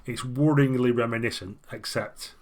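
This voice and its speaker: A man's voice: medium pitch, fairly even intonation, moderate pace, slight background noise. A man narrating a tabletop game as game master, in a casual, descriptive way.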